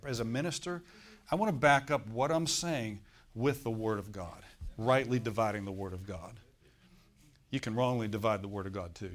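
A middle-aged pastor preaches in a relaxed, conversational manner and keeps turning to his listeners with questions. His voice sits in an ordinary middle pitch for a man. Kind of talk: sermon.

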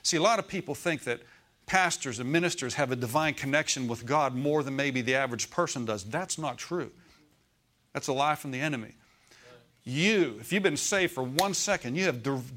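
A man's voice: fairly high pitch, a bit bright. A man preaching a sermon to his church in an easygoing style, often asking the congregation whether they follow him. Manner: conversational preaching, asks the congregation for agreement. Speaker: pastor.

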